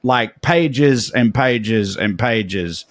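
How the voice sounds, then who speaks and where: A man's voice: medium pitch, extremely slow. A man with a Southern US accent co-hosting a podcast, chatting in a loose, profane, joking way. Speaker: podcast co-host. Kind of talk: casual comedic chat.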